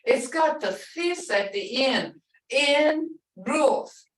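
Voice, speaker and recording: A woman language teacher explains slowly, going over each example word again and again. She sits some distance from her mic, so the voice sounds roomy and a little far off. She is patient and clear. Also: sits high, expressive. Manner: slow, patient explaining with repeated example words. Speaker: language instructor. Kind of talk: online language lesson.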